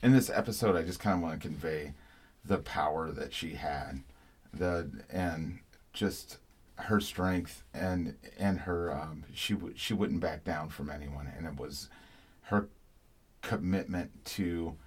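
A man hosting a podcast in casual chat, talking emphatically and rambling with fillers. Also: low-pitched. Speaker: podcast host.

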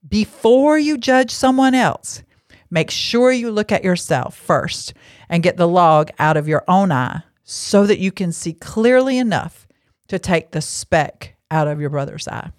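A woman who hosts a podcast and works as a lay marriage counselor gives a casual Christian teaching talk while seated at a table indoors. She speaks frankly and gets to the bottom line, with chatty asides, in a lowish voice recorded at studio quality with no echo.

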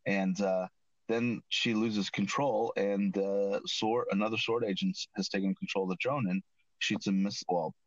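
A man with a lowish, steady voice and unhurried pace hosts a casual chat show, recapping an episode in a rambling way full of restarts and self-corrections. The recording is dull, lo-fi, and dry, with no room sound.

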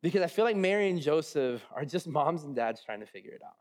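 A man's voice: on the high side, expressive, quick pace. A man in his thirties preaching a casual, joking sermon, full of restarts and asides to the congregation. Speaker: pastor.

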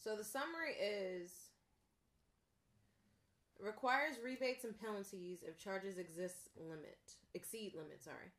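Woman, bright tone, rambling, lots of "like", casual podcast chat. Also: mid-range voice, a little slow. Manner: rambling, uses "like" a lot.

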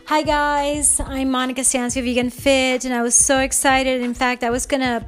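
A woman's voice: high-pitched, little pitch movement, normal speed, soft background music. A woman hosting a fitness podcast in an earnest, heartfelt monologue, upset and close to tears.

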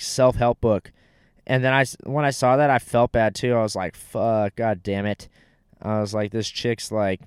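A man's voice: on the low side, smooth, dry recording, clean studio sound. A young man telling a rambling, profane story in casual chat, full of filler words.

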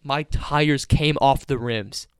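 A man's voice: medium pitch, slow pace, clean tone, dry recording. A young man co-hosting a podcast, telling rambling stories in casual chat and swearing freely. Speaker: podcast co-host.

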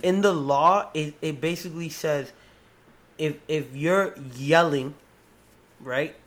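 A man hosting a podcast in casual chat, animated and profane, often restarting his sentences. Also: fairly high pitch, slow. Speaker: podcast host.

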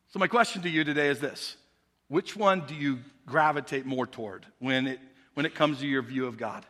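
A man's voice: medium pitch, normal speed, bright, forceful tone. A male pastor preaching a conversational sermon in a church sanctuary, talking the congregation through an illustration and posing questions to them. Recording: long hall reverb.

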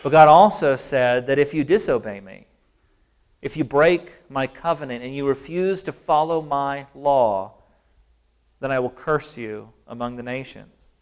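Man preaching a sermon, earnest and emphatic, smooth clear voice. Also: medium pitch. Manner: earnest, emphatic preaching with slow stressed phrases.

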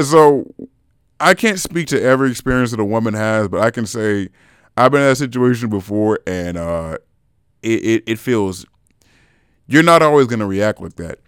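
A man's voice: medium pitch, expressive, moderate pace, clean tone, dry recording, clean studio sound. A young man hosting a podcast in a casual, frank chat, talking straight to his listeners and calling them bro. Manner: laid-back, frank, calls listeners bro. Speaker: podcast host.

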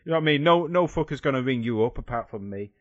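A man's voice: medium pitch, animated, quick pace. A man chatting casually about films as a co-host, jokey and loose with swearing. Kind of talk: casual chat. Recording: dull lo-fi recording.

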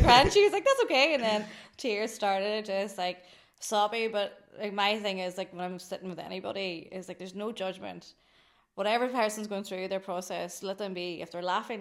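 A woman from Ireland, a company founder, chatting in an interview, rambling and laughing often. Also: mid-range voice. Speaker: guest, drinks company founder. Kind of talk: casual interview chat.

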